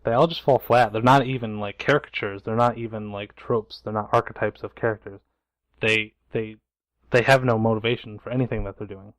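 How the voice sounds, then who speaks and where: A man's voice: fairly low pitch, steady tone, fairly quick, a bit bright, dry recording, poor audio. A young man co-hosting a casual podcast, a blunt and argumentative critic. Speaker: podcast co-host.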